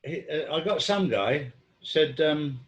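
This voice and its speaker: A man's voice: on the high side, expressive, slow, dull audio. Man rambling in an echoey room. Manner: rambling storyteller with frequent ums and restarts. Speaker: guest. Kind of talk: casual conversation.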